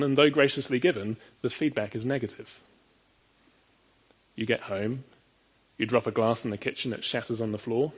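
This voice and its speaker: A man's voice: medium pitch, slightly rough, dull audio. A man preaching a sermon, earnest and full of rhetorical questions, building to emphatic peaks.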